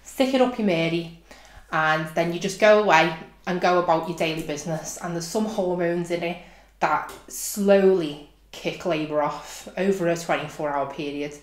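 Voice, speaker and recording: A young Scouse woman vlogging, telling a funny personal story with animated swings from low muttering to loud outbursts. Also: moderate pace. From England. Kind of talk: comic storytelling. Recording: echoey room.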